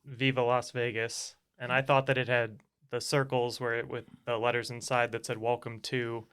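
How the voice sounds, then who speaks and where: A man's voice: medium pitch, a bit bright, smooth. A man appearing as a guest on a trivia podcast in a studio, reasoning out answers with hedges. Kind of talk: casual chat.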